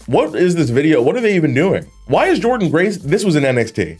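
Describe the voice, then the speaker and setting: A man's voice: fairly high pitch, fairly quick. This is a man doing casual reaction commentary on wrestling, and his voice swings widely up and down as he talks. He is loose and profane, laughs often and trips over his own sentences. A faint bed of music sits behind him. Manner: animated, swearing, laughs often, rambling restarts.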